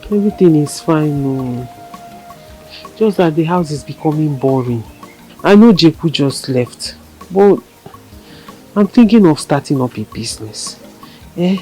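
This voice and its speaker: An actress with a Nigerian accent playing a restless young wife who earnestly plans a business. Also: female voice, low-pitched, animated, measured pace, pauses often, mellow, faint music behind, poor audio. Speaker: wife whose husband left for the city. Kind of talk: Nollywood family drama acting.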